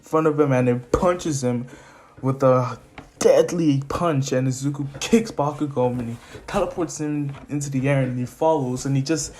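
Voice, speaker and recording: A man tells a fan story in a relaxed, rambling way, with plenty of casual fillers. His voice sits at an average pitch for a man. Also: moderate pace, a little hiss or hum. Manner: rambling, loose with fillers like "so yeah".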